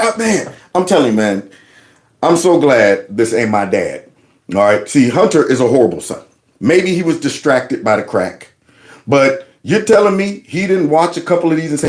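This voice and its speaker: A middle-aged man hosting a reaction commentary show, mocking clips in a casual, animated way. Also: mid-range voice, normal speed.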